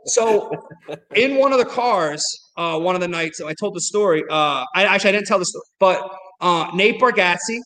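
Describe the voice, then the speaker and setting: A man's voice: high voice, normal speed, a bit bright, big-room sound, rough recording. A man who produces comedy shows, a guest on a casual podcast, telling road stories with many "like" fillers.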